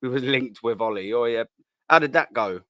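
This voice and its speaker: Chatty lad streaming fan banter. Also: male voice, mid-range voice, moderate pace, fairly bright tone, no echo, clean studio sound. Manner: chatty, laddish banter, repeats phrases, laughs often. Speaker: host of a live fan show. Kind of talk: casual live-stream chat reading viewer comments.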